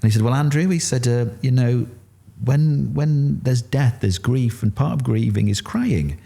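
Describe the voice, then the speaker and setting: A man's voice: moderate pace, creaky. A middle-aged man with a Yorkshire accent, telling his story candidly in an interview and acting out what others said. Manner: animated, acts out quotes with rising pitch. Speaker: interview guest.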